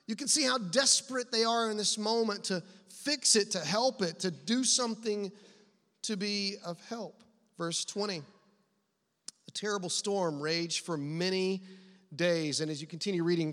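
A man preaching a sermon, telling personal stories in an animated, conversational way. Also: a little high. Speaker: pastor. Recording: long reverb of a large hall.

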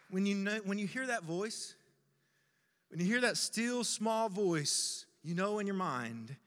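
A middle-aged male pastor preaching a dramatic, impassioned sermon, moving between loud pleas and hushed pauses. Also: high-pitched, lively intonation, a faint crowd. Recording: long hall reverb.

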